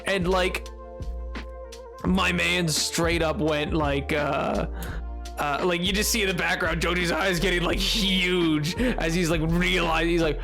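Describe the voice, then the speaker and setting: A streamer chatting casually with viewers while playing, rambling through stories and answering chat, with sudden high-pitched outbursts. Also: steady tone, measured pace, vocal fry, fairly bright tone, faint music behind.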